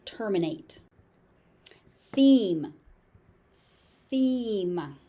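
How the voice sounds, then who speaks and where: Woman, General American accent, pronunciation tutor, very slow and careful, repeats each word. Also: fairly low pitch, animated, mellow.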